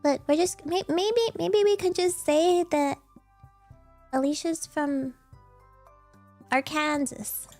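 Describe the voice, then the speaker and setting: A woman's voice: sits high, takes it slowly, pauses often, darkish tone, faint music behind. A bubbly young woman VTuber chatting casually on a livestream, slipping in Japanese phrases. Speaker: VTuber streamer.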